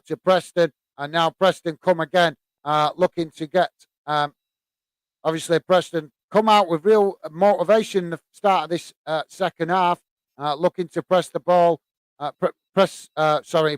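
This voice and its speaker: A British man hosting a live football watch-along, chatting in a friendly, halting way with many fillers while reading viewer messages. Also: a little high, clear, resonant tone, dry recording.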